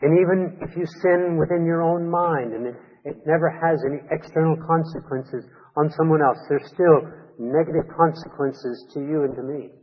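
Pastor guy preaching, earnest, leans hard on repeated words, kinda husky, long echo trailing off, muffled old-sounding audio. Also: fairly high pitch, normal speed. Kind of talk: sermon. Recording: long reverb, dull lo-fi sound.

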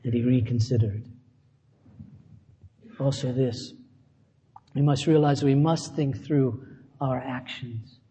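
A man's voice: mid-range voice, steady tone, slow, pauses often, warm tone, big-room sound, a little hiss or hum. A middle-aged male pastor preaching a conversational sermon, mixing scripture with self-deprecating asides.

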